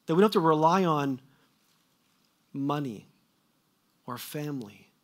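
A man preaching a sermon, swinging between loud emphatic questions and quiet trailing asides. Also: fairly high pitch, a little slow.

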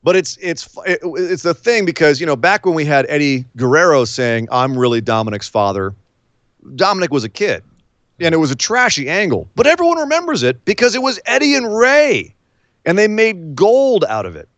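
A man's voice: high-pitched, brisk, no room sound. A man co-hosting a podcast, recapping wrestling in casual chat and acting out quotes in voices. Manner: animated, acts out quotes in voices. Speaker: podcast co-host.

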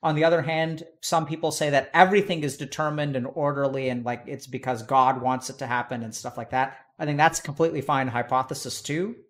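A man's voice: medium pitch, fairly even intonation, brisk, few pauses, fairly bright tone. A man giving blunt, casual advice in conversation, swearing freely and acting out the people in the stories he tells.

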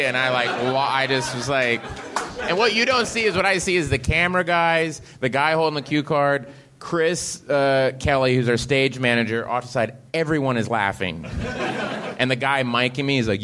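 A comedian telling lively anecdotes at a live venue, slipping into voices as he goes. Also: medium pitch, normal speed, a crowd in the background. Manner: animated, breaks into voices and laughs. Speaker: comedian, guest on a live talk show.

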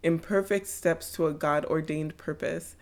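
A woman's voice: sits low, steady tone, unhurried. A woman hosting a podcast, giving an earnest, apologetic announcement with some fillers before introducing her guest. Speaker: podcast host.

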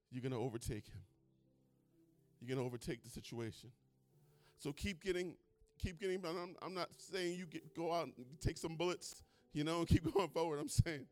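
At a church service, a pastor preaches excitably, swinging from hushed talk to shouting as he retells stories. His voice is a little high.

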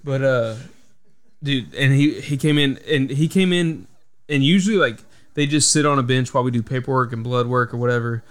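A man's voice: mid-range voice, moderate pace. A man in casual podcast chat, telling stories from his job, swearing freely and acting out what people said. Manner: swears freely, tells stories with acted-out quotes. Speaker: podcast host.

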